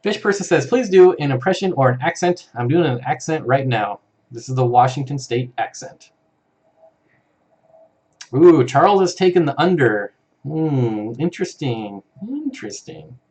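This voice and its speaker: Male streamer, mid-pitched, relaxed and chatty, chuckling as he reads out viewer comments. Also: normal speed. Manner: easygoing, chuckles often, reads comments aloud. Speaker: live-stream host for an aquarium channel. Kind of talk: casual live-stream chat reading viewer comments.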